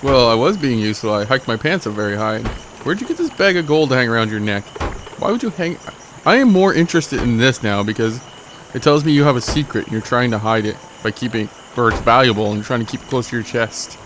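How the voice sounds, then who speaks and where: A man's voice: mid-range voice, animated, fast talker, a bit bright, a little hiss or hum. A man giving rambling, joking, self-mocking commentary while he plays a game. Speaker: let's play host. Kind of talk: gameplay commentary.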